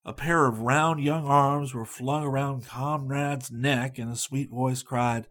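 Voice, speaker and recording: A man narrating a storybook in an expressive, varied reading. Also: mid-range voice, slow, few pauses.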